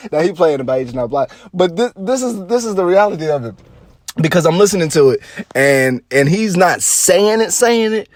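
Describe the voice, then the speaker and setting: A man's voice: a little high, a little mellow, dry recording, studio quality. A man giving casual, rambling commentary on celebrity news, laughing often and repeating himself.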